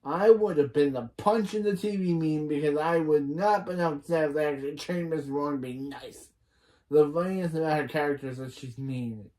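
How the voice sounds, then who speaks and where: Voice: mid-range voice, moderate pace, a little mellow. A reviewer casually recapping a TV episode scene by scene, stopping to correct themselves and adding personal opinions along the way. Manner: retells scenes line by line, with frequent restarts and opinion asides. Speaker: reaction reviewer.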